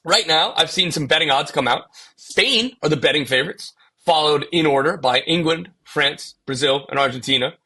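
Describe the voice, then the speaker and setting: A young man hosting a casual podcast, with a husky yet bright, sharp-edged voice set a little high. He talks loosely, full of fillers and restarts. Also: normal speed. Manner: filler-heavy, restarting sentences. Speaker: podcast host.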